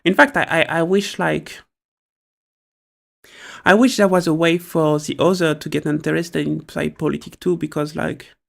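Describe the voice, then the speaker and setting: A man's voice: on the high side, normal speed, gravelly. A man, streaming live and chatting casually about politics in a rambling, profane way, often breaking off mid-sentence. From France. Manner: rambling, profane, self-interrupting.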